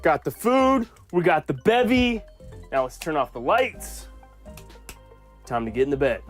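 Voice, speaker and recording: Man, casual home vlog, playful, animated swoops, talks to his dog. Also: high voice, a little slow, faint music behind. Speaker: vlogger.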